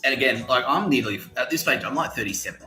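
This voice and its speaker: A man's voice: medium pitch, animated, fast talker. A man telling a rambling comic story as a podcast host, swearing freely and breaking into laughter. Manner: profane, laughing, rambling delivery. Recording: echoey room with music playing.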